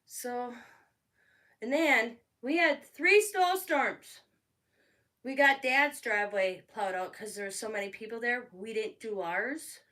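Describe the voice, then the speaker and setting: A woman's voice: fairly high pitch, slow, pushed and bright, far from the mic. A middle-aged woman telling stories in a casual live-stream chat, laughing often as she talks. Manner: chatty storyteller who laughs often. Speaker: craft channel host.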